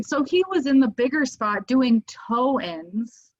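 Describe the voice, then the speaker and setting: A woman guest on a podcast, telling a story casually with lots of "like" fillers and getting animated as it builds. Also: a little high, slow, dull audio. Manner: animated, lots of "like" fillers, rises when excited.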